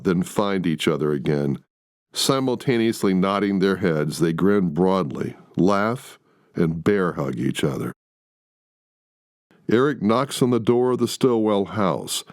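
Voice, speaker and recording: A man narrating a story in a measured, descriptive reading. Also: low voice, a little mellow, no echo, studio quality. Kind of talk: audiobook narration.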